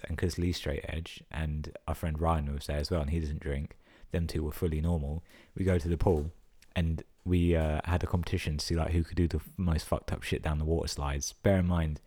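A man's voice: very deep voice, warm tone. A young man tells stories casually, swearing a lot and filling his talk with 'like'. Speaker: vlogger telling stories. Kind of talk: casual storytelling.

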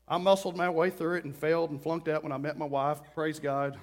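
High-voiced guy preaching, middle-aged, tells stories and acts out the quotes. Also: brisk. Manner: animated storytelling, acts out quotes with sudden high outbursts. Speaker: pastor. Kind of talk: sermon.

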